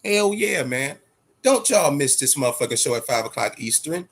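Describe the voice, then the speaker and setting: A man's voice: mid-range voice, sing-song, normal speed, fairly bright tone, breathy edge. A man hosting a boxing show, talking casually and profanely, amped up and fidgety, repeating himself often. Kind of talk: casual livestream talk.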